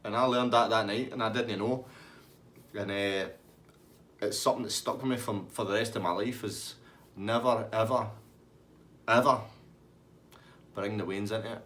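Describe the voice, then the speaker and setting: A man's voice: lowish voice, fairly even intonation, a little fast, fairly bright tone, echoey room. A man telling a funny anecdote in a casual, colloquial way with swearing. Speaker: storyteller.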